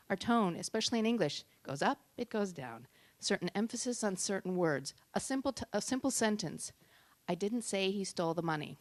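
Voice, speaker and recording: A woman giving a talk on public speaking at a tech meetup, lively and shifting between loud and soft for emphasis. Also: medium pitch, a little fast, no echo. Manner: lively, varies loudness and pace for emphasis.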